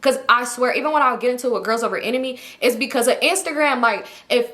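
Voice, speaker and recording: A young woman telling a story to camera in a casual, slangy, animated way, acting out what people said. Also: on the high side, quick pace. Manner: animated, slangy, acts out quotes. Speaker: storytime vlogger.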